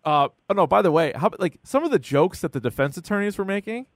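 Animated man chatting on a podcast. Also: fast talker, dry recording. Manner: animated, acts out quotes in a high voice. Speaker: podcast co-host. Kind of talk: casual chat.

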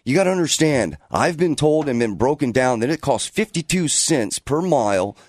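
A man on a radio show defends himself in a loose, rambling way, his pitch bouncing up and down. The sound is dry and close. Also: big pitch swings, moderate pace, no echo. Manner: defensive, rambling, says "man" and "bro" a lot. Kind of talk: casual on-air banter.

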